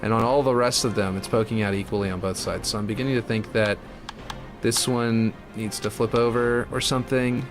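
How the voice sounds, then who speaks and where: A man's voice: on the low side, fairly even intonation, a little fast, over music. A man chatting casually and thinking aloud while he builds a game map, muttering when puzzled. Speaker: map builder streaming his work.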